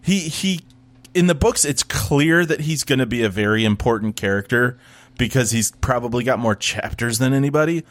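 A man's voice: mid-range voice, animated, moderate pace, no echo. A man in casual chat, sarcastically recapping a TV show and acting out the characters. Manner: sarcastic, acts out characters mid-story.

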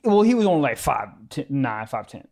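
A man telling a story in casual chat, animated and profane, acting out both sides of the argument. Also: a little high, normal speed, creaky. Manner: animated, profane, quotes people in acted-out dialogue.

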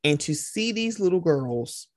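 A young woman co-hosting a podcast, chatting casually and animatedly, often jumping into excited quoted voices. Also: unhurried, no room sound, studio quality. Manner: animated, jumps into high excited voices when quoting. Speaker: podcast co-host. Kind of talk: casual chat.

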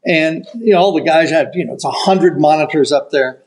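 An older man, a golf broadcaster, telling a story as an animated raconteur who acts out the quotes. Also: a little high, fairly quick, rough recording. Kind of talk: casual storytelling.

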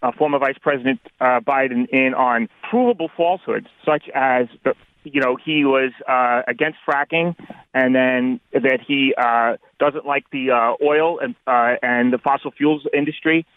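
A man's voice: medium pitch, normal speed, dry recording. A man in his fifties from New York calling in to a radio show, earnest and formal, hesitating with many fillers. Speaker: caller. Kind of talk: phone-in caller. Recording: tinny phone line.

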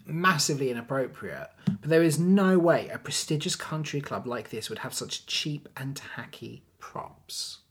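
A man co-hosting a relaxed film review chat. He is opinionated and emphatic, leaning hard into his views. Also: mid-range voice, a little slow, hardly any pauses. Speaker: podcast co-host.

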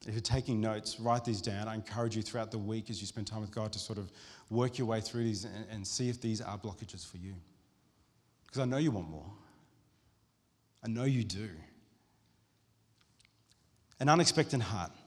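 A pastor giving a conversational sermon, with frequent restarts and asides to the congregation. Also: male voice, on the low side. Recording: long hall reverb.

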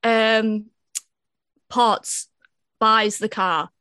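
A woman with a Northern English accent, a guest on a podcast, trading wry, deadpan remarks in a slightly raised voice. The recording is close and dry. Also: on the high side, extremely slow, clear, resonant tone, no echo. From North of England. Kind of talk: casual chat.

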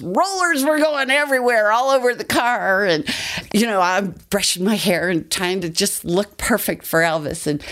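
Older woman, low deep voice, lively storytelling, animated, breathless. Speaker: storyteller guest. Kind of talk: personal anecdote.

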